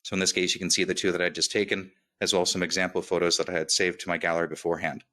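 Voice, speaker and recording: Webinar presenter, male, slight lisp, flat low delivery, energetic product walkthrough. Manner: upbeat, quick, with filler "right?" checks. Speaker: software demo presenter.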